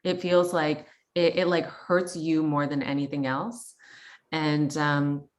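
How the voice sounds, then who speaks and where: A woman's voice: sits low, little pitch movement, takes it slowly. A woman in her thirties from Canada, sharing a personal story in a candid, chatty way full of fillers and quoted thoughts. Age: 30s. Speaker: guest.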